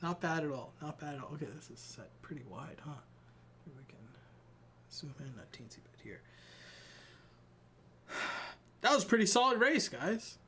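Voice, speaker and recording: He's a young Irishman whose highish, fairly bright voice swings widely in pitch at normal speed, broken by long pauses. Between sim races he casually chats to his stream viewers, tired and sweating, rambling self-deprecatingly as he fiddles with gear and talks to chat.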